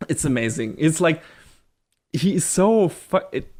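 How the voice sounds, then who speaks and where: A man's voice: on the high side, lively intonation, a little slow, darkish tone. A man co-hosting a podcast, chatting enthusiastically, laughing often and swearing casually. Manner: frequent fillers and restarts. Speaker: podcast co-host. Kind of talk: casual chat.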